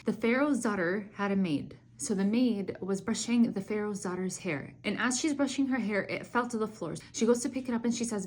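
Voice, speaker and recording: A woman's voice: medium pitch, fairly quick, hardly any pauses. An earnest young woman tells a religious story and then reflects on it in a heartfelt way. She talks casually, with plenty of "like" and "you know" as she goes. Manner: earnest, conversational, many fillers. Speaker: Islamic speaker.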